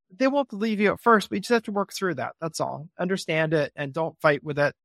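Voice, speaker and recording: A man talking through his methods in an animated, friendly way, now and then slipping into a bright, upbeat voice to act out a phone call. His voice sits a little high. The recording is dry and close, with no room in it. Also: a little fast, dry recording. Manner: animated, acts out phone calls in a cheerful voice. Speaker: real estate investor guest. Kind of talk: podcast interview.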